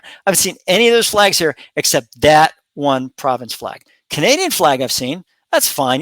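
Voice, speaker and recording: A man's voice: on the high side, a bit bright, no room sound. A middle-aged man hosting a commentary channel, delivering a rambling opinion monologue full of fillers, restarts and repetition.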